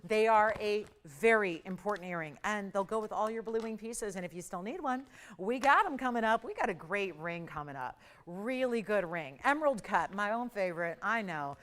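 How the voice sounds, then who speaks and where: A middle-aged woman hosting a live TV jewelry sale, pitching in an upbeat, persuasive and urgent way. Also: expressive, moderate pace, a bit bright. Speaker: shopping channel host. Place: TV studio.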